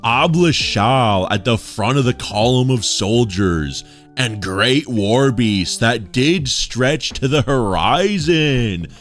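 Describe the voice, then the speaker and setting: A man voicing an ancient male chronicler of a war empire, with a slow, grand delivery in a put-on accent. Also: medium pitch, expressive, fairly bright tone, faint music behind, pitched above the performer's own voice.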